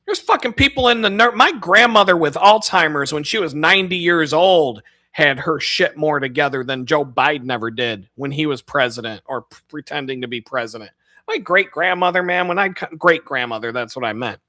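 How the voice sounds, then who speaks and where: Man, live streamer, profane rambling rant, bright tense voice, dry sound. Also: on the high side, a little fast, no room sound. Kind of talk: casual rant.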